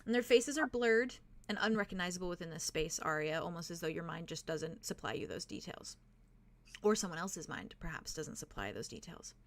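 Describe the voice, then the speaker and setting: A woman's voice: fairly low pitch, lively intonation, fairly quick. A young adult woman narrating a tabletop game as game master, describing scenes with frequent fillers.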